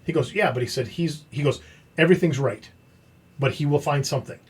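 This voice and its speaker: A man's voice: on the high side, fairly quick, husky. A man hosting a podcast, telling a story in casual chat and acting out the quoted dialogue. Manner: animated, acts out quoted dialogue. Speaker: podcast host.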